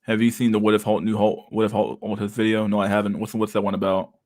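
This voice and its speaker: Laid-back low-voiced young man. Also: little pitch movement, fast, darkish tone. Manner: laid-back, crude, laughing often, mumbling to himself. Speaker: streamer reading chat. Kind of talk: casual livestream chat.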